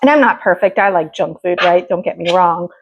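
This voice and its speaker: A woman's voice: fairly low pitch, brisk, dull audio, a little hiss or hum. A middle-aged woman hosting her own home cooking vlog, talking in a rambling, chatty way with many fillers while she cooks. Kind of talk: casual cooking chat.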